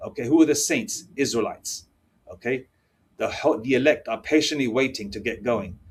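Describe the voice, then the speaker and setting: A man's voice: medium pitch, moderate pace, slightly rough. A man preaching angrily and reading scripture aloud. He talks in a combative way and keeps checking in with "all right?" and "okay?". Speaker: religious teacher.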